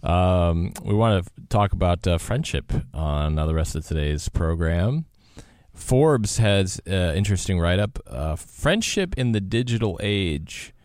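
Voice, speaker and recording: A man's voice: low voice, a little slow, clean tone, no room sound. A man hosting a live radio talk show in a studio, chatting casually with many fillers. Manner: relaxed, rambling, many fillers.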